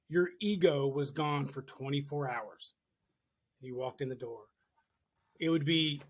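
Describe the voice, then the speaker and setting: A man hosting a casual podcast, telling a firehouse story in a candid, storytelling way, swearing freely. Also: on the high side. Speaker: podcast host, firefighter. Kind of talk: casual conversation.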